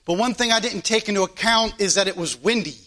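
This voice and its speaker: Male preacher, high and bright-toned, earnest sermon with storytelling and rhetorical questions. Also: quick pace.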